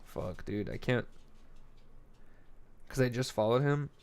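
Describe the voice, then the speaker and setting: A man's voice: medium pitch, slow pace, a little mellow, slight background noise. A young man hosting a podcast after-show, telling a story in casual, rambling chat full of slang and laughter. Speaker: podcast host.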